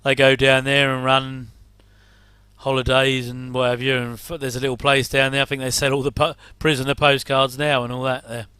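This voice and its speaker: A man's voice: medium pitch, little pitch movement, normal speed, pushed and bright, clear, resonant tone, no echo. A middle-aged English man rambling casually through a reaction commentary, with chatty, self-deprecating asides. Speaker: host.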